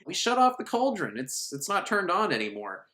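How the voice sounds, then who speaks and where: A man recapping a film in a sarcastic, profane, animated way. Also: sits high, normal speed. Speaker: movie reviewer. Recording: roomy echo.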